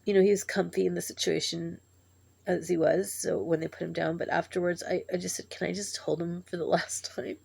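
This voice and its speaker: A woman telling a tearful personal story in a halting, emotional way, sighing and breaking off as she grieves. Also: fairly low pitch, level tone, creaky, a little mellow, slightly rough. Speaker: vlogger.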